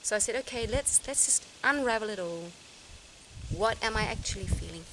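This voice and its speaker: A woman's voice: mid-range voice, animated, normal speed. Woman, reflective vlog talk, earnest, self-searching, frequent restarts, outdoor noise behind. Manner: earnest, searching, restarts often, laughs softly. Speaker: vlogger. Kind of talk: reflective personal talk to camera.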